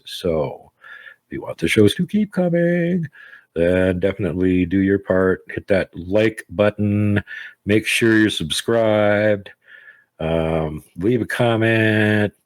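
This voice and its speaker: Low-voiced joking American host. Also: male voice, animated, slow pace, no room sound. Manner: joking, rambling, self-deprecating. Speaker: podcast host. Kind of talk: casual chat.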